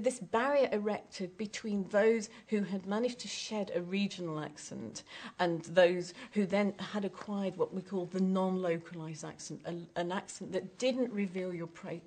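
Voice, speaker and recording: Husky low-voiced woman explaining. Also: darkish tone. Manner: thoughtful, explanatory, with fillers and restarts. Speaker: language historian. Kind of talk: interview answers.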